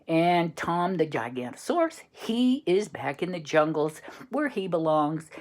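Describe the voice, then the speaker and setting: A woman telling an improvised bedtime story, slow and searching for words as she goes. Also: low-pitched.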